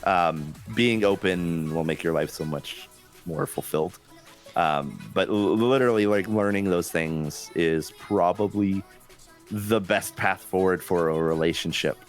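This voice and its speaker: A man's voice: deep voice, a little slow, faint music behind. A man co-hosting a live stream Q&A, chatting casually and rambling with frequent laughs. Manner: laid-back, rambling, laughs often. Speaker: streamer co-host. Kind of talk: casual chat.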